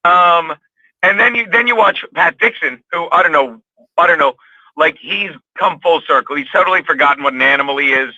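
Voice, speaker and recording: A man's voice: a little high, a little fast, pushed and bright, no room sound, muffled recording. A man on a podcast, ranting in a rambling, heated way and swearing constantly. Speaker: podcast co-host. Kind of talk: profane casual podcast chat.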